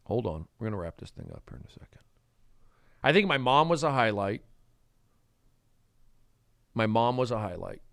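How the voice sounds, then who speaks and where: Brief: male livestream host, erratic, lively pitch, dry close phone sound, talks to viewers. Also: moderate pace, gravelly, long pauses, no room sound. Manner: erratic, swings between shouting and mumbling. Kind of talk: rambling solo livestream chat.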